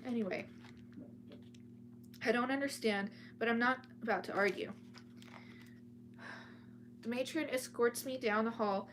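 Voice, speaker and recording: Woman storyteller, slightly high voice, casual read-aloud with restarts and asides, home setting. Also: slight background noise. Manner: reads with frequent restarts and chatty asides. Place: at home with cats nearby.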